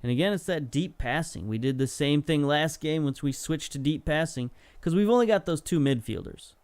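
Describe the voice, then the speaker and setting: Speaking at normal speed in a recording with no echo, a young man who hosts gaming videos chats through football management game highlights. His play-by-play is casual, he perks up at scoring chances, and he fixes his own slips as he goes.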